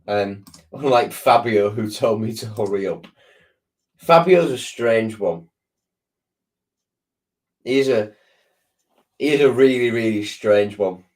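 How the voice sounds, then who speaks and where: A man's voice: fairly low pitch, takes it slowly, long pauses, darkish tone. Rambling man with a sore throat. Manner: rambling, lots of restarts and ums. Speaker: football fan channel host. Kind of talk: live stream chat answering viewers.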